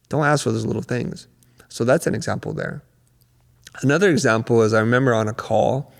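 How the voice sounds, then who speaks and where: Middle-aged male guest, gravelly, animated storyteller, reverberant hall sound. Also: medium pitch. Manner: animated storyteller, acts out quotes. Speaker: guest, creative business coach. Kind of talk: podcast interview storytelling.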